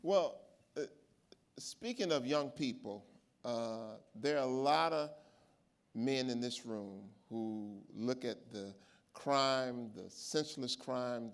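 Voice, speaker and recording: A male moderator asks questions on a conference stage. His voice is mid-pitched and conversational, with small hesitations as he leads into each question. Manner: conversational, prompting questions with fillers. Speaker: panel moderator. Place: conference main stage before a live audience.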